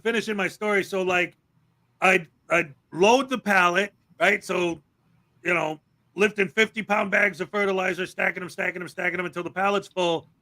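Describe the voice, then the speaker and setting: A man's voice: high-pitched, steady tone, normal speed, sharp tone. A man hosting a casual commentary livestream, ranting sarcastically and rambling into long stories. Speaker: livestream host.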